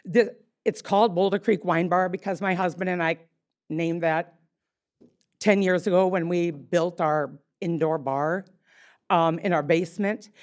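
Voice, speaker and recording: A woman's voice: fairly low pitch, fairly even intonation, a little slow, a little mellow. A woman in her sixties, a wine bar owner speaking unprepared at a public meeting, rambling with many fillers and restarts. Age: 60s.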